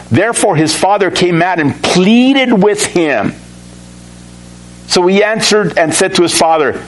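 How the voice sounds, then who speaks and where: A man's voice: sits high, poor audio. A man preaching a sermon to his church and asking the congregation questions. He acts out the lines of the Bible characters as he reads them. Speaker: pastor.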